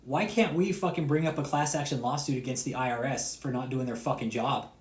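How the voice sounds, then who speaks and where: Talking briskly, a man who comments online lets loose a furious, swear-filled tirade aimed at his subscribers. He repeats points over and over and swings from shouting to muttering sarcastically under his breath, with echo from the room.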